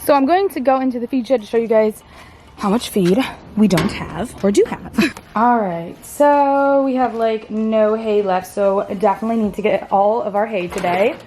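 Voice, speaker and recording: A woman's voice: a little high, moderate pace, mellow, slight background noise. A woman vlogging casually on her farm, bubbly and chatty, talking to the camera about feeding her animals. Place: outdoors on a farm, then a feed shed.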